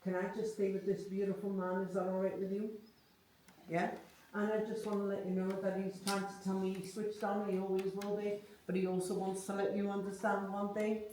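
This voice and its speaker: A woman's voice: mid-range voice, flat delivery, brisk, mellow. A woman working as a medium, relaying messages to a sitter in a chatty way, with frequent tag questions. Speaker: medium giving a reading. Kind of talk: live psychic reading to a sitter. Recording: echoey room from far off, faint noise.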